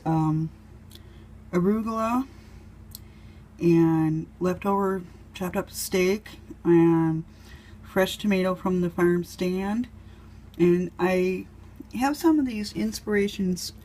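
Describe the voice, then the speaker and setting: A woman's voice: fairly low pitch, darkish tone. A woman chatting casually while cooking in her home kitchen, rambling with lots of ums. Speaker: home cook vlogger.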